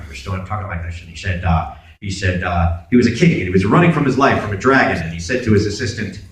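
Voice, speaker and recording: A man from Brooklyn, telling stories as a guest at a convention Q&A and acting out dialogue in voices. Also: deep voice. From Brooklyn, New York. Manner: animated, acts out dialogue in voices. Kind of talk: convention Q&A storytelling. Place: large convention hall. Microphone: camera in the audience, far from the speaker. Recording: very echoey hall, from far off.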